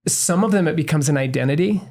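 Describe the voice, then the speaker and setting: A man's voice: a little high, fast, a little mellow. Man, podcast co-host, earnest, explanatory, casual conversation. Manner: earnest, explains with analogies and asides. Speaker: podcast co-host, functional medicine doctor.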